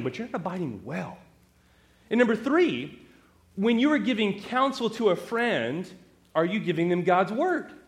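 Male preacher, slightly high voice, very expressive pitch, quizzes the congregation mid-sermon. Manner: asks the audience rhetorical questions; animated, talks straight to the crowd.

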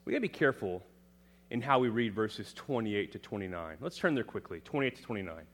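A man delivering a sermon with a very lively, swinging pitch. He rises to loud, emphatic proclamations and sinks back to quiet low lines, often putting questions to the congregation and answering them himself. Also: brisk. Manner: dramatic, rising to loud emphatic proclamations then dropping low. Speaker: preacher.

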